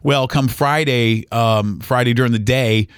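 A man in his forties, a podcast host telling a personal story in an earnest, halting way with many fillers and restarts. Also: medium pitch, steady tone, smooth, dry recording, studio quality. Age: 40s.

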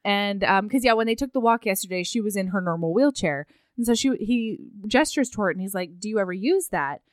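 A woman's voice: medium pitch, animated, a little fast, dry recording, clean studio sound. A woman co-hosting a casual book chat, retelling scenes animatedly with quoted lines and frequent laughter. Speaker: podcast co-host.

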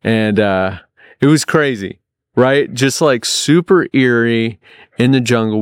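A man, a podcast guest, telling a long personal story in a casual, animated way, often repeating his words. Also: mid-range voice, takes it slowly, clean tone, dry recording, studio quality.

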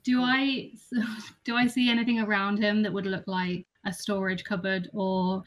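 A woman's voice: medium pitch, level tone, measured pace, a little hiss or hum. A woman playing in a tabletop role-play game, talking casually and giggling between lines. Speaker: player.

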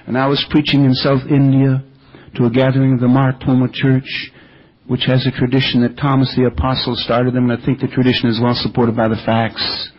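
A man's voice: mid-range voice, flat delivery, a little fast. An older man preaching a sermon, earnestly telling revival stories with quoted speech, on an older radio broadcast. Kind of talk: sermon storytelling about revival. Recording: dull lo-fi radio recording.

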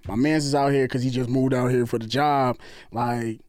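A man from the New York area telling a long story in casual chat, animated and acting out other people's lines. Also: mid-range voice, moderate pace, no room sound, studio quality. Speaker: storyteller guest.

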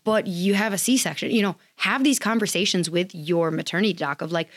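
A woman's voice: lowish voice, brisk, few pauses, dry recording. A woman hosting a podcast, giving blunt, candid advice in a casual chatty way with plenty of fillers. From Wisconsin, US. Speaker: podcast host advising chiropractors.

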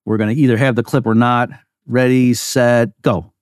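A man in the middle of his pitch range talks through a podcast monologue with emphatic, chatty energy. He leans on strong statements and drifts into asides. The sound is dry and close. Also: fairly even intonation, normal speed, no echo. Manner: emphatic, conversational, frequent asides. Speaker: podcast host. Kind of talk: casual solo commentary.

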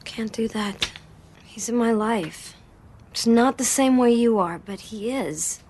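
Brief: a distraught TV drama woman, tearful, begging, slightly high voice. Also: takes it slowly, a little mellow, exaggerated voice. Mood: pleading. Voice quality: tearful, pleading, breathy near-whisper at times. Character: distraught woman pleading with her ex. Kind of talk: TV drama scene.

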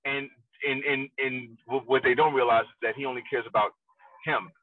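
A man's voice: mid-range voice, steady tone, normal speed, no echo. A man in casual political chat, talking emphatically and repeating points, often saying bro. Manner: emphatic, repetitive, says bro. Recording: tinny phone-like line.

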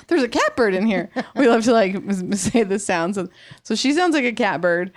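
A woman's voice: mid-range voice, moderate pace. A woman co-hosting a casual podcast, talking with a laugh. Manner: laughing, lively. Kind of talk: casual chat.

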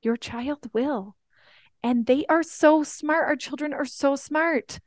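A woman's voice: sits high, slow pace, no echo, clean studio sound. A woman life coach hosting a podcast, telling family stories in an earnest, teaching way. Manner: earnest storytelling, reenacts family talks.

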